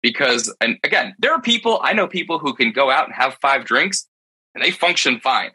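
A man who owns a pet care business, talking candidly and earnestly in a roundtable discussion, in quick bursts with restarts. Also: medium pitch, expressive, sharp tone, husky, rough recording.

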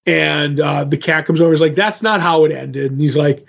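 On a podcast, a male co-host with a somewhat high, creaky voice and fairly even intonation casually retells a comic book story at normal speed. He rambles and voices the quotes with "he's like," over dull, lo-fi podcast audio.

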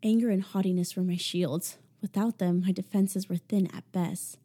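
Woman narrator for a first-person audiobook; measured, intimate, dark warm tone. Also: lowish voice, steady tone, slightly rough.

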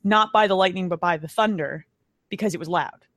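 A woman in her thirties hosting a podcast live stream, chatting casually, talking fast and excitably with frequent laughs. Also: on the low side, dry recording. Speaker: podcast host.

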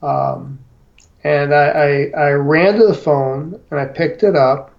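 A man speaks as a guest in a slow, unhurried way. His voice sits a little high for a man. He tells his story haltingly, full of fillers and restarts, over dull lo-fi audio. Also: steady tone, gravelly. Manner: hesitant, many fillers and restarts.

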